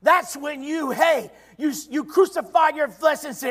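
A man preaching a sermon in a shouting, call-and-response style, swinging from loud cries down to quiet low stretches. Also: a little slow, few pauses.

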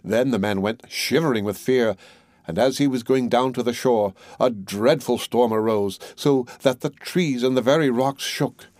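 A man narrating a classic fairy tale as an audiobook in a measured, clear reading. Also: mid-range voice, darkish tone, dry recording. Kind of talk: scripted storybook narration.

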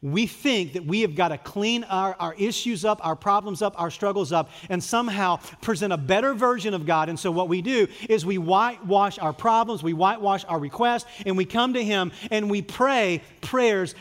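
A man preaching a conversational sermon, acting out prayers and shifting from lively, loud stretches to soft, intimate ones. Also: high-pitched, normal speed, few pauses, in a large hall. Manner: conversational, acts out prayers and dialogues, drops to soft intimate tones. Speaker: pastor.

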